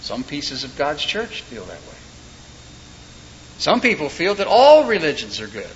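A man's voice: fairly high pitch, huge pitch swings, a little slow. A man preaching a sermon in a folksy way, with joking asides and short told stories. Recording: dull lo-fi recording with faint background noise.

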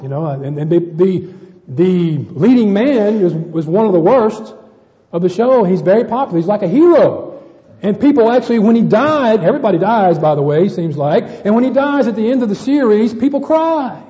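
A man's voice: sits high, animated, moderate pace, warm tone, big-room sound, dull audio. A man preaching a sermon to a congregation, addressing them as brethren and often repeating words as he searches for the next.

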